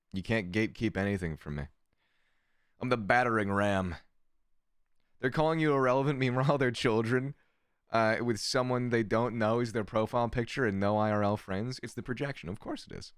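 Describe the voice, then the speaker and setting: A man's voice: fairly low pitch, normal speed, pauses often, smooth, dry recording, clean studio sound. A man streamer giving sarcastic, profane commentary while reading chat aloud. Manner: sarcastic, swears often, reads chat aloud. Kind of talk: casual livestream commentary.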